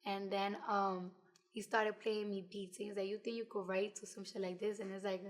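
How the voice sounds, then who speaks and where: A woman's voice: mid-range voice, a little fast. Blunt, profane New York woman rapper. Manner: blunt, profane, animated storytelling. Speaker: rapper, interview guest. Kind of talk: casual interview chat.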